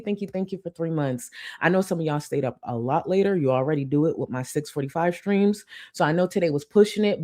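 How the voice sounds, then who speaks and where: Chatty woman streamer, mellow voice. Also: deep voice. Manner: chatty, reads supporter messages aloud. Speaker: livestream host. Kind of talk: casual commentary livestream.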